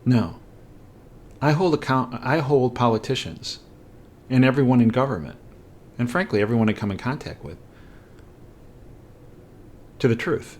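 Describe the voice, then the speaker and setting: A middle-aged man hosting a talk show, telling a personal story and acting out the dialogue in an animated way. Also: medium pitch, moderate pace, long pauses. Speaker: host.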